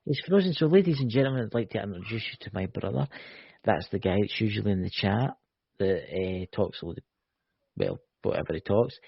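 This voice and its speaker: A man's voice: on the low side, expressive, fairly quick, gravelly, breathy edge, no echo. A Scottish man co-hosting a live-stream chat over a video call, teasing and joking, with lots of "you know". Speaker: co-host. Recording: dull lo-fi call audio.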